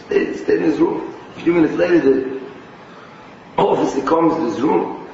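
Echoey, high-voiced preaching man with Yiddish inflection. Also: normal speed, vocal fry, long pauses, slight background noise. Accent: Yiddish-inflected English. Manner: animated, mixing Yiddish and Hebrew terms, many restarts. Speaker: rabbi giving a Torah talk. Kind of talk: sermon. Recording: distant echoey hall, muffled.

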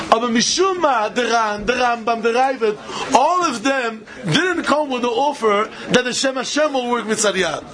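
A man giving a Talmud lecture in a rising and falling study chant, pressing questions and laughing between points. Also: very high voice. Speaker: Talmud teacher. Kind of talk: yeshiva-style Talmud lecture.

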